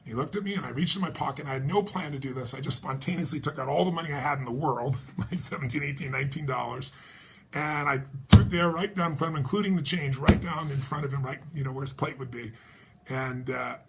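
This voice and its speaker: A man's voice: on the high side, breathy edge. A man telling a personal story and appealing for donations, acting out the dialogue as he goes. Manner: animated storytelling, acts out dialogue.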